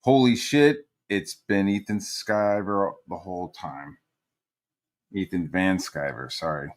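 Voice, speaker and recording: Low-voiced man ranting on a livestream. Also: takes it slowly. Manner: profane, meandering, sarcastic. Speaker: livestream host. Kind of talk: casual ranting commentary.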